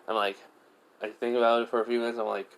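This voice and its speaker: A man's voice: medium pitch, level tone, quick pace, clear, resonant tone. A man telling an improvised fan story in a rambling way, full of fillers and self-corrections. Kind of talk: improvised fan-fiction narration.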